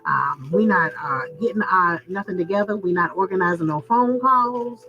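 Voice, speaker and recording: A woman's voice: lowish voice, normal speed. A woman vlogger venting to her viewers in a sassy, candid monologue, laughing as she talks. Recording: muffled lo-fi sound with loud music. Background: background music.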